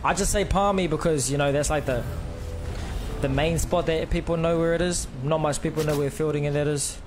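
A man's voice: on the high side, steady tone, fairly quick, faint music behind. A young man with a New Zealand accent, chatting casually on a gaming livestream and greeting viewers with laid-back slang. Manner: laid-back slang, reads out chat names.

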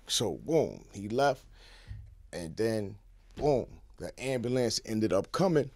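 New man, podcast guest, close dry studio mic, lively storytelling, hushed to shouting. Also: fairly low pitch, takes it slowly, no room sound. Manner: animated, swings from hushed to shouting. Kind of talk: casual storytelling.

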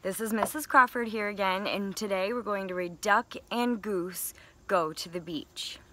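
A woman teacher reading a picture book aloud to young children, in a gentle, expressive storytelling manner. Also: medium pitch, moderate pace.

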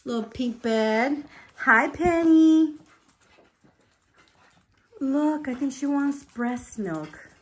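A woman in her forties chatting casually to camera at home, gushing and fond, using baby talk with her dogs. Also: on the high side. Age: 40s. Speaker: lifestyle vlogger. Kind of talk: casual vlog chat to camera.

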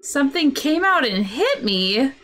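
Excitable high-voiced woman gamer. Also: measured pace. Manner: excitable, startled, laughing and flustered. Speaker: gaming streamer. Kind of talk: casual let's-play commentary.

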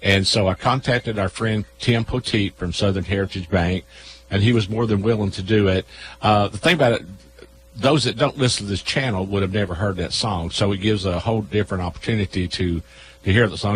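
Man, low voice, radio studio, folklore storytelling, halting with filler pauses. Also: slight background noise, low-quality recording. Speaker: local folklore event organizer.

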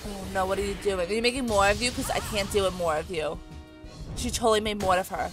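A young woman commentating on a video game as she plays, chatty and excitable, talking into a desk mic. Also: mid-range voice, fast talker, music in the background. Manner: excitable, chatty, reads game dialogue aloud. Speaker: let's play host. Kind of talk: casual gameplay commentary.

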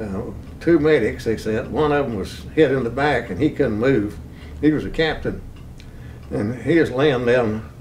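An older man from Texas telling a war memory in an oral history interview, plain and unhurried, chuckling now and then. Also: mid-range voice, a little mellow, far from the mic, slight background noise. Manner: plain unhurried recounting, chuckles at own story.

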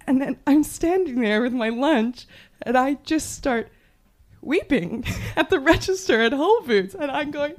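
Animated, laughing woman telling a story. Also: high-pitched, a little slow. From Jersey Shore, USA. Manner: animated, self-mocking, laughing through the telling. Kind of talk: personal story told live on stage.

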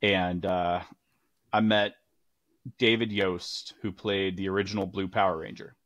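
Male guest, lowish voice, relaxed hesitant speech, dry close mic. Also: unhurried, no echo, lo-fi sound. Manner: easygoing, hesitant, many fillers. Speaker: podcast guest, teacher. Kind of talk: casual interview chat.

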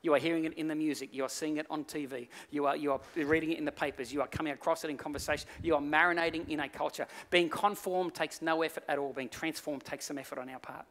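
Animated pastor in a reverberant church. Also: male voice, on the high side, fast, few pauses. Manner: animated storytelling, acts out voices in the story. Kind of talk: sermon. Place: church hall.

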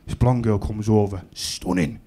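A man's voice: on the low side, creaky, dark tone, slightly rough. A young man from Middlesbrough with a Teesside accent, doing a rowdy, sweary stand-up set that keeps checking in with the crowd. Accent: Teesside English. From Middlesbrough, England. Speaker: stand-up comedian. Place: comedy club stage.

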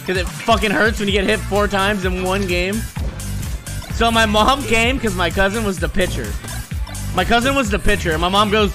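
A man in his thirties streaming, telling stories in casual, profane chat and yelling at the game he plays. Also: high voice, moderate pace, music in the background. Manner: profane, animated storytelling, yells at the game.

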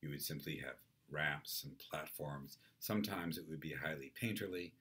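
A man giving a university lecture on theatre in a clear, measured, explanatory way. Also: very deep voice, sharp tone.

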